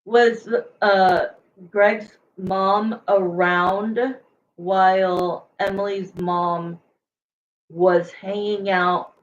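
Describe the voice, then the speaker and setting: A woman's voice: mid-range voice, level tone, extremely slow, muffled recording. A woman doing a casual tarot reading, rambling and filling her talk with "like" and "you know". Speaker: tarot reader.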